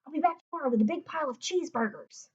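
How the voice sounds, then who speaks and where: A woman's voice: sits high, animated, very fast, far from the mic, lo-fi sound, voice pushed up. A woman reading aloud and voicing an earnest young boy who cares for a secret pet.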